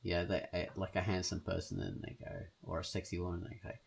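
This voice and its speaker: A Canadian man hosts a podcast in a very low, gravelly voice with a husky edge. He chats playfully, teasing and slipping into silly voices. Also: monotone, quick pace. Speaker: podcast host. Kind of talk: casual chat.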